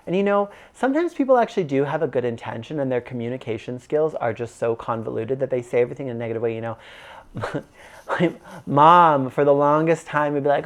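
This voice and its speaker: A man's voice: medium pitch, animated, brisk. A man in his thirties teaching an online course in a casual, conversational way, full of "like" and "you know". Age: 30s. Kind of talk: casual instructional talk.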